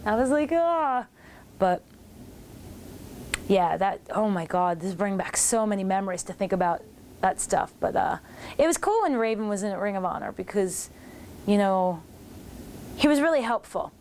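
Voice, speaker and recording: A woman in her forties telling casual stories about her wrestling career, animated and acting out what others said. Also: mid-range voice, moderate pace, pauses often, a little hiss or hum. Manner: animated, acts out others' lines in quotes. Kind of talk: casual storytelling commentary.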